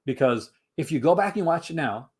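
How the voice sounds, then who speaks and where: A man's voice: a little high, expressive, a little fast, a little mellow, breathy edge. Male livestream host, casual and rambling, answering his chat. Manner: rambling, many fillers and restarts.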